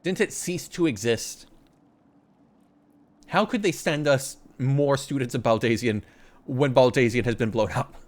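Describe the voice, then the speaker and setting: A man's voice: mid-range voice, measured pace, pauses often. A man streaming a game, chatting casually and teasing his chat, voice getting tired. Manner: playful, teasing, laughing often.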